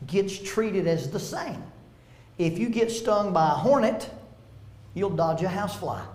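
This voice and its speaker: A fairly high-voiced man speaks at a church seminar, mixing teaching with humorous stories and little acted-out quotes. The sound is roomy, picked up in an echoing church space. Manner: animated storytelling with humor, acting out quotes. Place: church meeting room.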